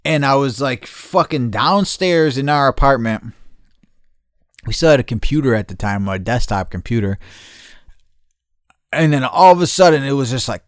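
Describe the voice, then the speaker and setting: A man's voice: medium pitch, lively intonation, moderate pace, long pauses, clean tone, no echo. Male podcast host, mid-range voice, dry close sound, rambling profane storyteller. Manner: rambling, profane, laughing, acts out his own shouts. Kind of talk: casual storytelling monologue.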